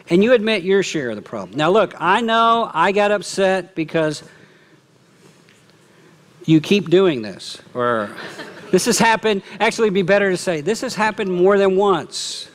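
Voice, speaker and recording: A middle-aged man preaching a sermon as lead pastor, lively, often acting out quoted remarks. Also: high-pitched, moderate pace. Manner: animated, acts out quoted speech. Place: church.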